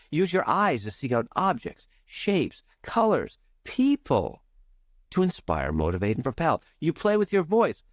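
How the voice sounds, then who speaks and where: A man, a charisma coach and podcast guest, talking with playful energy and varying his speed and pitch for emphasis. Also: dry recording, clean studio sound. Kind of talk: animated podcast coaching talk.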